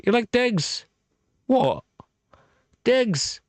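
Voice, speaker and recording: A man putting on a mumbling Irish traveller's accent, slow and raised in pitch. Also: sing-song, no echo, heavily acted. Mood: playful. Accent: Irish traveller, put on. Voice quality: mumbled, slurred words.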